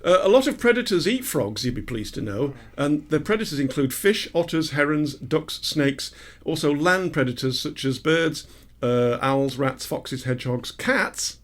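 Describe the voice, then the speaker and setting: A man's voice: fairly high pitch, expressive, moderate pace. A man co-hosting a podcast, reading out animal facts and telling a silly joke with lots of ums and uhs. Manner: reads out trivia with many fillers, jokey storyteller. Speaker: podcast co-host. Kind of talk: casual chat.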